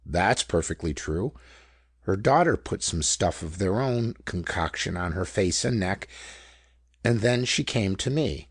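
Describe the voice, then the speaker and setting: A man voicing an excitable male country doctor who answers in a flat, practical way and then breaks into loud disbelief. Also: deep voice, unhurried, husky, no room sound, studio quality, full character voice. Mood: matter-of-fact. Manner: incredulous, exclaiming.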